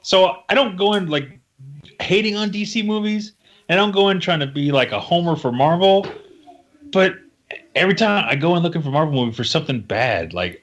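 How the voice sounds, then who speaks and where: A man talking casually on a podcast, his voice bright and lively. He swings up and down in pitch as he tells stories and laughs between them. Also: a little fast. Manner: animated, laughing storyteller. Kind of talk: casual chat.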